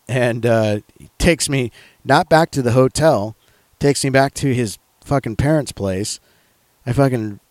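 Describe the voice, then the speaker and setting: Lowish voiced dude swearing his way thru a long story, dry sound. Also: dry recording. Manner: profane, rambling, animated storyteller. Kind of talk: casual storytelling chat.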